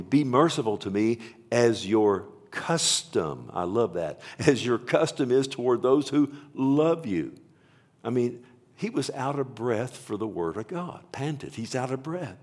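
Slow-stressing man preaching a sermon. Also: fairly low pitch, vocal fry, darkish tone. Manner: preaching with rising emphasis, slowing to stress scripture; calls out "Amen?" to the congregation. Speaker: pastor.

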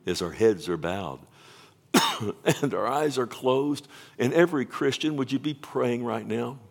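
A man in his fifties preaching a sermon, rambling with restarts, then building to loud, emotional proclamation and pleading. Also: mid-range voice, expressive, unhurried, gravelly. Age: 50s. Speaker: pastor. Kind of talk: sermon with altar call.

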